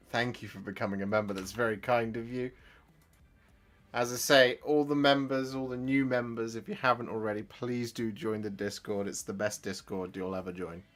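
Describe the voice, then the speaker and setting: A middle-aged man chats on a live stream while he paints, with a voice of ordinary pitch. He sounds moved and often breaks into laughter as he thanks his viewers over and over. The talk is loose and unscripted. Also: fairly bright tone. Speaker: channel host.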